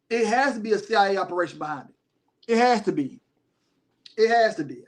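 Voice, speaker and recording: A man's voice: sits high, a bit bright. A man hosting a livestream, giving blunt, opinionated commentary and reacting to viewer chat, speeding up and then drawing his words out. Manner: blunt, opinionated, switches between rapid and drawn-out delivery. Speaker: livestream host.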